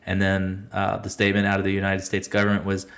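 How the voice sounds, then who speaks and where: A man's voice: low voice, monotone, fast talker, a bit bright. A man co-hosting a podcast, talking politics in a rambling, profane way, restarting sentences and laughing at his own jokes. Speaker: podcast co-host. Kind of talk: casual profane political chat.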